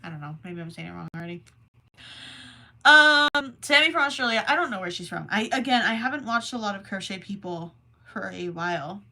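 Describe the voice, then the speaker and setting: A woman's voice: medium pitch, expressive. A young woman hosting a crochet livestream, chatting casually and reading messages from the chat in a rambling, self-deprecating way. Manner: slow, rambling and self-deprecating, with soft asides.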